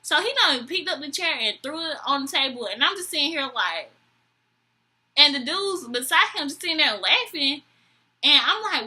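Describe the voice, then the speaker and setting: A young woman vlogger telling a story in an animated, exasperated way, swearing often. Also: high voice, moderate pace. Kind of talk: storytime vlog.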